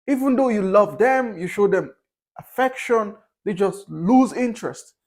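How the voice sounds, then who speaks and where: A man's voice: high-pitched, lively intonation, unhurried, a little mellow. A young man giving his candid opinions in a casual, rambling monologue, with fillers and restarts. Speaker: vlogger.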